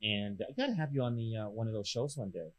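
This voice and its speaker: A loud, animated man, talking in casual chat. His voice sits at a middling pitch and he projects every word, a man in his fifties who belts things out. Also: fast, rough recording. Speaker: real estate radio show host.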